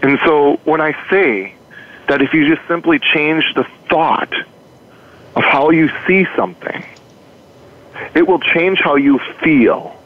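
A man speaking as a life coach in an interview, earnest, telling a client story with many rhetorical questions and repeated words. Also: a little high. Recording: phone-like narrow sound.

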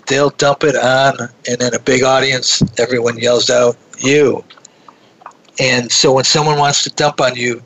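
A man telling a personal story in a relaxed conversation, animated and often restarting his sentences. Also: mid-range voice, dry recording, rough recording.

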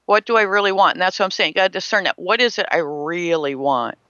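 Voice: mid-range voice, quick pace, pushed and bright, no echo. A spiritual teacher giving an emphatic motivational talk, asking rhetorical questions and acting out imagined people. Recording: slightly muffled, dry.

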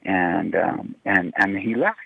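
A low-voiced man with a gravelly, creaky edge tells his story as a radio guest over a tinny phone line. He talks haltingly and keeps restarting his sentences. The sound is dry and close, with no room around it. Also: dry recording. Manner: halting, with many repeated restarts. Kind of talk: emotional personal account.

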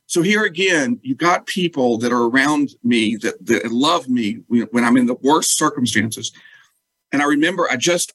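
A man, a guest telling a personal story in lively, casual talk and acting out what others said. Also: medium pitch, breathy edge, no echo, rough recording. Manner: animated, acts out quoted dialogue.

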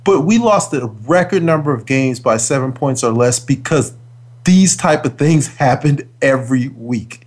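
A man's voice: medium pitch, expressive, measured pace. A man in his forties, a former pro football player, co-hosting a casual sports talk show and ranting emphatically about calls and teams. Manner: emphatic, exasperated ranting with repeated words.

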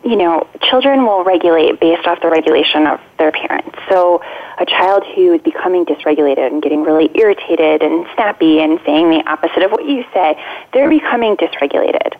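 A woman who is an adoptive parent, a guest on a radio talk show, speaking gently and practically over a phone line. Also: sits low, lively intonation, brisk. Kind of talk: casual radio interview. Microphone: phone call.

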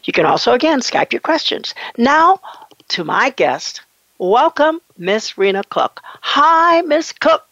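A woman hosts a talk show in an enthusiastic, effusive way. Her voice has a gravelly fry. The recording is dry and a little dull and lo-fi. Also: on the high side, very animated, a little slow, a bit bright, no room sound. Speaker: podcast host. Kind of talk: radio talk show hosting.

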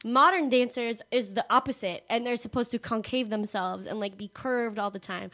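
Young woman co-host, high bright voice, chatty, self-mocking, casual chat. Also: normal speed. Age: young adult.

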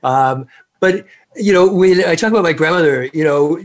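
Chatty man telling stories, slightly high voice. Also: normal speed. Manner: rambling, chatty, with many fillers and laughs. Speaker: guest. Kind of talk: casual storytelling interview.

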